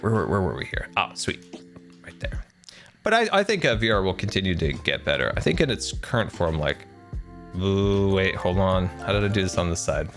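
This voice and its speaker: A man's voice: low voice, a bit bright. A man live-streaming a game, chatting casually with viewers in a rambling way and laughing often. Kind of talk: casual live-stream chat while gaming.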